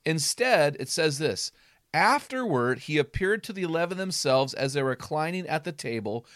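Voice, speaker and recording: Emphatic higher-voiced man, dry sound. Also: lively intonation, moderate pace, no echo. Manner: emphatic, acts out quotes with sudden loud bursts. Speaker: podcast guest, former football coach. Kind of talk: animated casual Bible talk.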